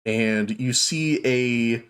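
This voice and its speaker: A man's voice: mid-range voice, drawn-out words, clear, resonant tone. Man in mid register, game master narrating a tabletop scene, loose with "um"s. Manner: relaxed, filler-heavy narration.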